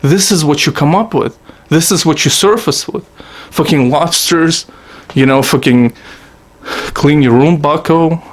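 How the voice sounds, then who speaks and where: A man's voice: a little high, a little slow. A man hosting a comedy video, delivering a satirical monologue as a profane, sarcastic, mock-earnest rant.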